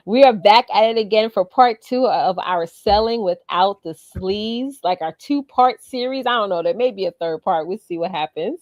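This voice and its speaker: A woman's voice: medium pitch, normal speed, dry recording. A woman co-hosting a casual business talk show, upbeat and chatty, laughing easily and talking with fillers. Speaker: co-host.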